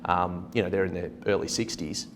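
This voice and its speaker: A man's voice: low voice, fairly even intonation, a little fast, background noise. A man with an Australian accent, a real estate agency principal, chatting casually as a podcast guest in a self-deprecating, joking way with frequent restarts. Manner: self-deprecating, jokey storyteller with many restarts.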